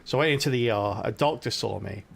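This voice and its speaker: A man's voice: mid-range voice, quick pace, gravelly, a little hiss or hum. A young British man casually commentating his game on a live stream, chatty and laughing often as he talks to his viewers.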